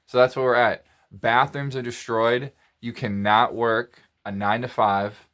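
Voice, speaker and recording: A man's voice: medium pitch, fairly even intonation, a little slow, hardly any pauses, a bit bright. A man telling a story in a casual monologue, rambling, repeating phrases and restarting his sentences. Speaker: podcast host.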